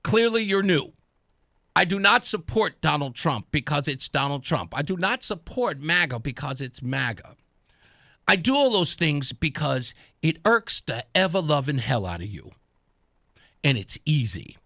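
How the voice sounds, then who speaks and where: A man hosting a conservative talk radio show, taunting and combative, getting loud and excited as he goes. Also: on the high side, measured pace, gravelly, dry recording, clean studio sound. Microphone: studio microphone.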